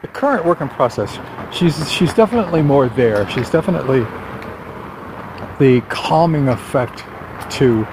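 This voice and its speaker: A man's voice: on the high side, lively intonation, normal speed, noisy background. A man talking through his writing plans in a casual walking vlog, rambling and correcting himself with a wry tone. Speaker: vlogger and novelist.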